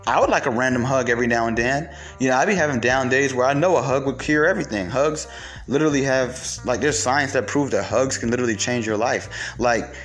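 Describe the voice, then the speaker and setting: Profane man in an animated monologue. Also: mid-range voice, a little fast, faint music behind. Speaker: show host. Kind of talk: casual monologue.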